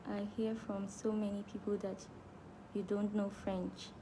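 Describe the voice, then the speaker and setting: A woman's voice: mid-range voice, flat delivery, unhurried, noisy background. Chatty Cameroonian woman answering fans. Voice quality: chatty, laughs easily, frequent restarts. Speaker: musician answering fan questions. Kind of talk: casual live Q&A chat.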